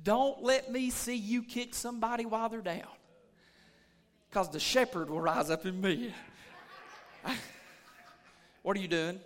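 A man preaching a sermon as pastor of a church, rising from calm talk to shouting. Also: sits high, a little slow, pauses often, big-room sound. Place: church sanctuary.

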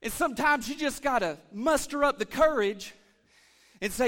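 A man preaching a lively church sermon as pastor, calling for amens and swinging between shouts and hushed asides. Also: very high-pitched, moderate pace. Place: church sanctuary.

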